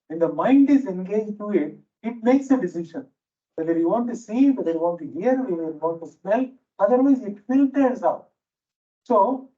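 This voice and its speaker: A man's voice: high-pitched, mellow. Indian man lecturing in a hall. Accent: Indian English. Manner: storytelling, repeats key phrases for emphasis. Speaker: management teacher giving a faculty talk. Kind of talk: lecture to teachers. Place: lecture hall with a noisy fan. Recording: dull, distant hall recording.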